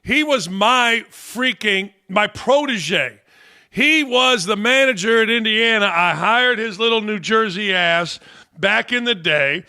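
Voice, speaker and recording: A man's voice: high-pitched, expressive, slow, bright, forceful tone. An older man hosting a live fan Q&A stream, talking in a brash, profane, rambling way and telling stories. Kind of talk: casual live-stream chat.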